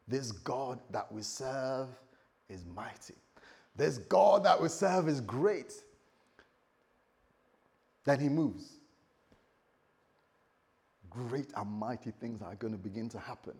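A man preaching a lively sermon, acting out voices and laughing as he tells the story. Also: on the high side, a little slow. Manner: animated storytelling, acts out voices, laughs often. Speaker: pastor.

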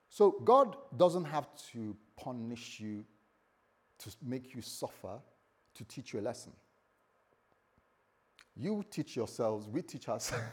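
A man preaching a sermon as pastor, emphatic, swinging between loud declarations and hushed questions. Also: medium pitch, slightly rough.

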